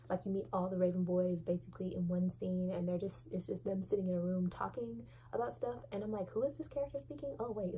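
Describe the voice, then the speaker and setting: Chatty woman with a low, mellow voice. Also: a little hiss or hum, poor audio. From Southern United States. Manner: chatty, candid, expressive. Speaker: book vlogger. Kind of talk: casual book review chat.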